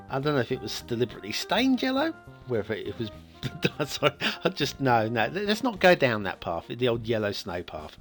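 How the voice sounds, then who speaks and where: A man's voice: medium pitch, wildly swooping pitch, fairly quick, faint music behind. A man hosting a map review show, giving rambling, casual commentary on a game map with frequent chuckles and self-mocking asides.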